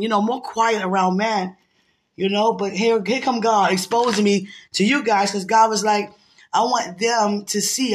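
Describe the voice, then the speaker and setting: A woman vlogger with a medium-pitched voice talks to camera in a casual, heartfelt way, speaking fondly to someone she loves. She often breaks into prayer and laughs a lot, and the sound is roomy.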